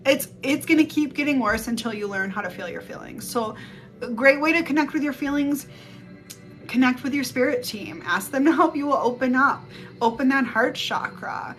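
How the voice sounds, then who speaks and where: A woman with a fairly high voice gives a casual spiritual reading into a phone, rambling and blunt and swearing freely. Music plays clearly behind her. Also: animated, normal speed, fairly bright tone. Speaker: psychic reader on a live stream. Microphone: phone mic.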